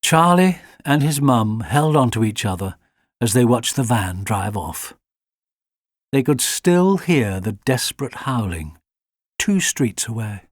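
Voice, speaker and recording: A male narrator reading a children's story aloud, slowly and with a lot of lift and fall in his pitch. The sound is close and dry, with no room around it. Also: dry recording. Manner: lively and expressive. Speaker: audiobook narrator.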